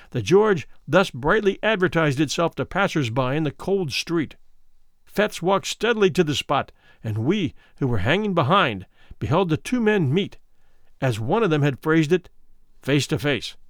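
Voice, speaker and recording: A man narrating a classic story in a measured, expressive way. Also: fairly high pitch, no echo, studio quality. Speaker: audiobook narrator.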